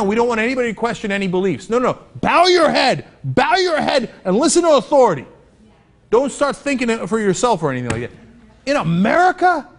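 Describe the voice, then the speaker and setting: A male talk show host giving mocking, sarcastic political commentary. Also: very high voice.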